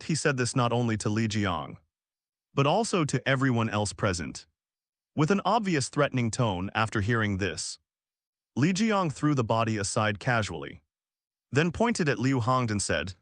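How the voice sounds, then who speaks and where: A man narrating a translated web novel as an audiobook in a lively storytelling way. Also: mid-range voice, moderate pace, no echo, clean studio sound.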